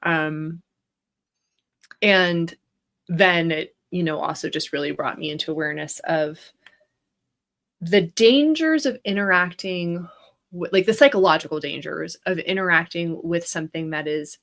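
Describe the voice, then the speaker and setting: A woman telling a personal story in casual chat, animated, laughing often and using many fillers. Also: fairly low pitch, measured pace.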